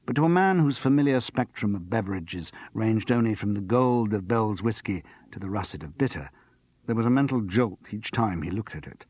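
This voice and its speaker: A man narrating an audiobook in a measured, wry manner. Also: fairly low pitch, darkish tone, slightly rough, dry recording, lo-fi sound. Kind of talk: scripted narration.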